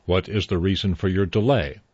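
A man voicing a female receptionist who speaks in a flat tone. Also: deep voice, fairly quick, slightly rough, dry recording, dull audio.

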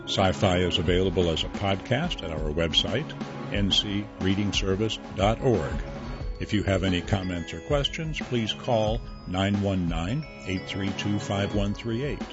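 A man reading a formal, steady program sign-off as the announcer. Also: low voice, a little slow. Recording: muffled recording with music underneath.

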